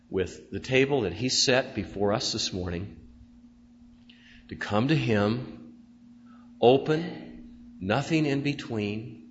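A man preaching a sermon as pastor, rising to loud emphatic declarations and dropping to soft prayerful tones. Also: on the low side. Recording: dull sound with long church reverb and faint hum.

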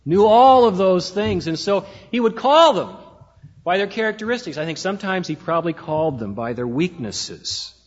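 A man preaching a sermon in a church, measured and slowing down to stress key words. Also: high voice, animated. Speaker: pastor. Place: church sanctuary. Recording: dull lo-fi sound with long hall reverb.

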